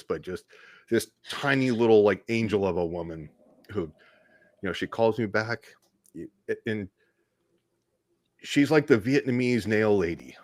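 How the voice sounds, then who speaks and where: Male podcast guest, low-pitched, rambling self-deprecating storyteller, dead-dry mic. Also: no room sound. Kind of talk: casual interview storytelling.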